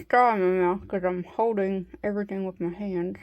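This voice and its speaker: A woman's voice: medium pitch, fairly even intonation, normal speed, muffled recording. A woman vlogging casually from her home workspace, chatting and thinking aloud as she works on a resin piece, often breaking off mid-sentence. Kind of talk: casual chat while working.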